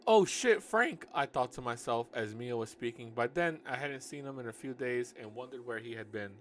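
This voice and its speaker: A man's brisk, steady, medium-pitched voice carries a casual reading of his own novel, with a slightly bright tone and some faint background noise. He often halts to poke fun at and argue with his writing, joking and self-correcting as he goes.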